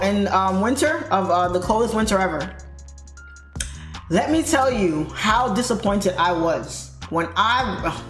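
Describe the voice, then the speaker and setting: A young adult woman hosting a live trading stream in a casual, animated, chatty way, reading viewer comments aloud. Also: medium pitch. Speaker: trading livestream host. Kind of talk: casual livestream chat while trading. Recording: roomy echo with faint music behind.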